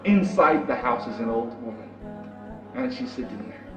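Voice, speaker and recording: A male preacher telling a story in a sermon with animated, dramatic delivery. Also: medium pitch, moderate pace. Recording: distant echoey dull recording with music.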